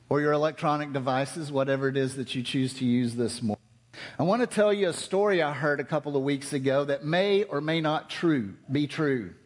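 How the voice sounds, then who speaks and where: A male pastor telling a humorous story in a sermon, swinging from hushed to loud. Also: a little high, in a large hall.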